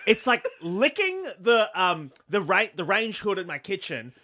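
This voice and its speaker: A man's voice: sits high, sing-song, unhurried, bright, forceful tone. A young Australian man co-hosting a podcast, telling a rambling, self-mocking story in casual comedic chat. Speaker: podcast co-host.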